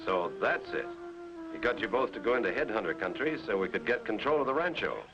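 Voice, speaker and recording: A man's voice: on the low side, animated, brisk, over music. An actor playing a brave, firm male pilot hero in a 1950s cartoon. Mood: determined. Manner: firm, commanding. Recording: lo-fi old cartoon soundtrack, hiss.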